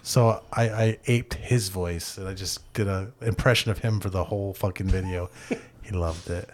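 A man's voice: low voice, steady tone, normal speed, a little hiss or hum. A man with a Mohawk English accent chatting casually as a podcast co-host, laid-back and laughing often, with plenty of swearing. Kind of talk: casual chat.

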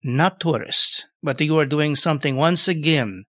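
A man's voice: a little high, normal speed, fairly bright tone, no echo, studio quality. A man playing a tabletop game in character, speaking formally and courteously. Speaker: player. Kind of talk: in-character tabletop role-play.

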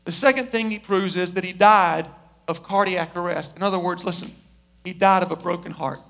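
A middle-aged man preaching a sermon as pastor, swinging between loud pleading and quiet intensity. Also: sits high, fairly quick, gravelly.

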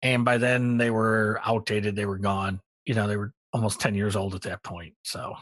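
A middle-aged man co-hosting a casual hobby podcast, relaxed and rambling with many ums, a little tired. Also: on the low side, moderate pace, no room sound. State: tired, yawning. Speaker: podcast co-host. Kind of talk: casual hobby news chat.

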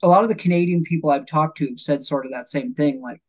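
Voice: mid-range voice, fast. A host born and raised in America, chatting casually with a guest and leaning on fillers. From United States. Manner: relaxed, chatty, uses fillers. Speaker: podcast host. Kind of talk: casual interview talk.

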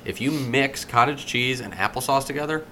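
A man's voice: medium pitch, normal speed, sharp tone, a little hiss or hum. A man co-hosting a casual sports podcast, talking eagerly and cutting in on the others. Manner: enthusiastic, talks over others. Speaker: podcast co-host.

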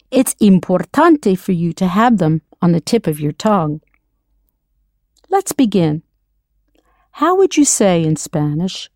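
Woman, language teacher, scripted lesson, patient, spells out words, animated pitch, dry sound. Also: unhurried, no echo.

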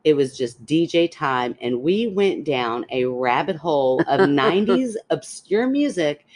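Lady podcast host, low voice, tells stories laughing along. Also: unhurried. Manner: animated storyteller, laughs while talking. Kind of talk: casual chat.

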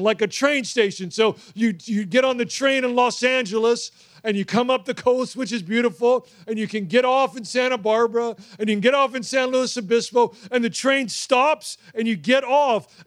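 Male pastor, high voice, chatty sermon delivery with lively storytelling and asides. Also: moderate pace. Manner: conversational, animated storytelling with asides.

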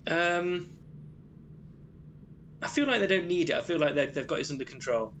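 A man's voice: on the high side, expressive, moderate pace, fairly bright tone, a little hiss or hum. A man with a slightly raised voice describes his moves in a tabletop game. He is easygoing and hesitant, with plenty of ums. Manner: hesitant, easygoing, laughs often. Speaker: player. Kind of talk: casual tabletop game chat.

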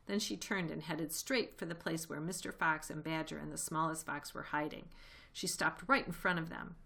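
A woman narrating a children's chapter book aloud with a lively, expressive delivery. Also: on the low side. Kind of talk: audiobook reading.

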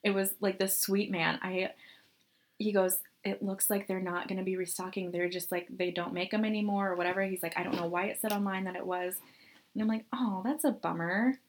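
A young woman in casual conversation, chatty and animated as she tells a story. She laughs often and slips into other people's voices when quoting them. Her voice sits at an ordinary middle pitch. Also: a little fast. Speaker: podcast co-host. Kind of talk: casual chat.

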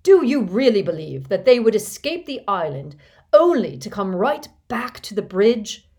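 A woman reading an audiobook, voicing a tyrannical male villain who shouts furious orders. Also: mid-range voice, sing-song, moderate pace, pitched above the performer's own voice, lightly acted.

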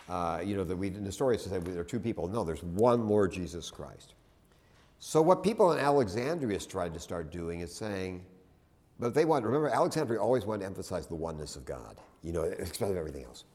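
A man's voice: sits low, a little mellow. A man giving a classroom lecture in a conversational, digressive way, with frequent restarts and asides. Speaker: teacher.

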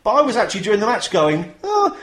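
A man chatting on a wrestling podcast, animated and swearing freely. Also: sits high, very fast, reverberant, rough recording. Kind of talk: casual wrestling podcast chat.

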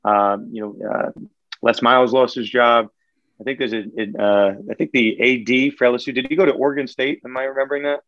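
A man's voice: mid-range voice, fairly even intonation, a little fast, fairly bright tone. A man talks sports in a loose, rambling way, full of ums and restarts. His voice sits in a middling register and comes across a little muffled and dull. The room sounds close and dead, with no echo. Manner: rambling, many fillers and restarts. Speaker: podcast co-host. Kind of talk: casual sports chat.

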